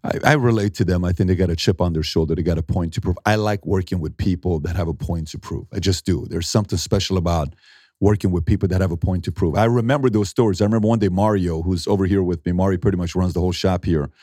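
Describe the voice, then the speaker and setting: A middle-aged man, an entrepreneur, telling animated stories in a conversational interview and acting out what people said. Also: sits low, fast, dry recording, clean studio sound. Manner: animated storyteller acting out quotes, emphatic.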